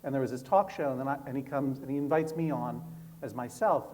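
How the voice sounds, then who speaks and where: A man's voice: medium pitch, fairly quick, a little mellow, slight background noise. A man who is a guest author on stage, talking in a rambling, self-mocking way with lots of restarts. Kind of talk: live stage conversation. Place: stage before a live audience.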